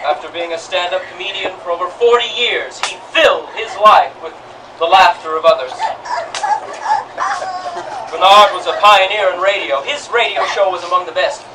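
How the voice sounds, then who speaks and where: A man's voice: high voice, normal speed, natural voice. A man playing a rabbi who leads a comic funeral on stage before a live audience, turning eulogy into punchlines. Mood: reminiscing. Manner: mock-solemn, building to joke punchlines. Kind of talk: live sketch comedy performance. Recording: distant stage mic with noise.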